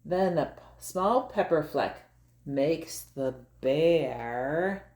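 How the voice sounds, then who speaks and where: Older woman, slow-paced storybook reading, lower voice, gentle and playful. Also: lively intonation. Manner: gentle, playful, asks the child questions. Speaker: grandmother reading aloud. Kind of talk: storybook read-aloud to a child.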